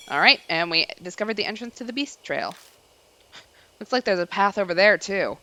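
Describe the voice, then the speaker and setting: A woman's voice: mid-range voice, expressive, brisk, bright, forceful tone, a little hiss or hum. A woman streamer giving chatty let's-play commentary with self-deprecating asides. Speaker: gaming streamer.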